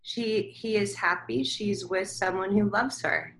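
A woman's voice: mid-range voice, steady tone, measured pace, fairly bright tone, poor audio. A woman guest in a casual interview, chatty and eager as she relays messages she says she receives. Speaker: guest medium.

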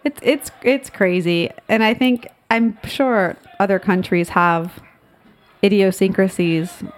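A woman's voice: mid-range voice, takes it slowly. Woman chatting, prompting a story. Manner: prompting, brief agreeing replies. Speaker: conversation partner. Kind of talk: casual chat.

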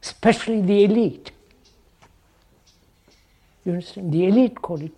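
A man's voice: high voice, normal speed, dark tone, husky. A man giving a reflective public talk to an audience, posing questions and repeating phrases, often checking with "right?". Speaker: speaker addressing an audience.

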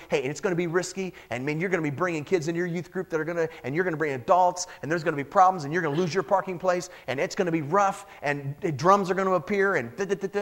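A male pastor preaching a lively sermon, joking and acting out the people in the Bible story. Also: a little high. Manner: animated, joking, acts out Bible characters.

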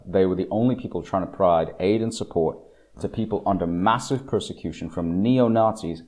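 A man with a very low, deep voice delivers an opinionated political monologue. He is blunt and emphatic, drawing out the words he wants to land. He often stumbles into restarts and side remarks. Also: a little mellow. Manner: emphatic, slows down to stress key phrases; blunt, with frequent restarts and asides. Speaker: political commentator.

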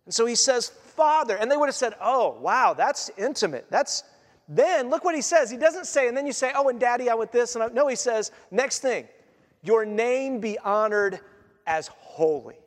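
A man delivers a sermon in a very high voice, talking to the congregation like a friend and acting out the words of others. His voice rings with a long reverb from a large hall. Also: moderate pace. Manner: animated, conversational preaching with acted-out quotes. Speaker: pastor.

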